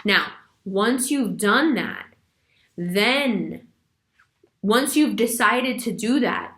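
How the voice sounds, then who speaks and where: A woman's voice: medium pitch, a bit bright. A woman giving a casual tarot reading, talking bluntly in slang and leaning hard on her words. She laughs easily mid-sentence, and her voice rings in a roomy, echoey space. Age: adult with a son. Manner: frank, slangy, emphatic; laughs often while talking. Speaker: tarot reader.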